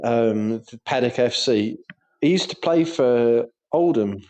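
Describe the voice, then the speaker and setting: A young man co-hosting a football podcast in relaxed chat. He jokes, swears freely and laughs through his own stories. His pitch sits in an average middle range. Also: takes it slowly. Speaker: podcast co-host. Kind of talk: casual chat.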